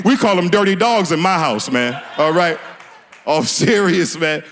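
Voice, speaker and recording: A man's voice: high voice, moderate pace, a little hiss or hum. Guy doing standup on a small theater stage, keeps cracking up at his own jokes, voice bouncing all over. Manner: animated, laughs at own jokes, street slang. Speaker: stand-up comedian. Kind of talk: stand-up comedy set.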